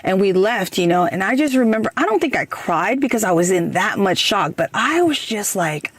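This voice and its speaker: A woman's voice: medium pitch, animated, moderate pace, dry recording. A woman in her thirties telling a personal story in a casual, hesitant way, with many fillers, and she acts out the quoted lines. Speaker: guest storyteller.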